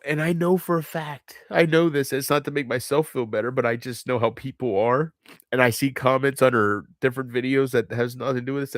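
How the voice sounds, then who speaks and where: A man speaking in an unscripted confessional monologue to his viewers, halting and heavy, often restarting and trailing off. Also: medium pitch, a bit bright, dry recording, studio quality. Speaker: channel host.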